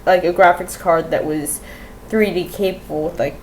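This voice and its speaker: A woman's voice: on the low side, steady tone, moderate pace, a little hiss or hum, poor audio. Chatty rambling woman vlogger. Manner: chatty, rambling, swears and laughs easily. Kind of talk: casual rambling vlog. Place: room at home.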